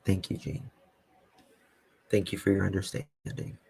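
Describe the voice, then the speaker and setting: A man with a very low, gravelly voice hosts a casual live stream, answering chat comments in an unhurried, dry, teasing way. He speaks slowly into a close mic with a dry sound. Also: dry recording. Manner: calm, slow, dry, teasing. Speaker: YouTube web sleuth host reading live chat.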